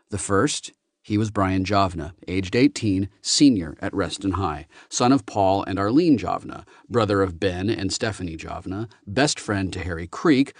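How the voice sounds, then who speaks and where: A male audiobook narrator with a fairly low voice, reading in a steady, even storytelling manner. The recording is close and dry with no room sound at all. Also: no room sound. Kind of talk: scripted narration.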